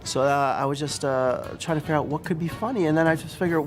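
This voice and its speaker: Easygoing man describing design work. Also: a little high. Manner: easygoing explanation with "uh" pauses. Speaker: background designer. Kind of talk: behind-the-scenes interview. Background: music.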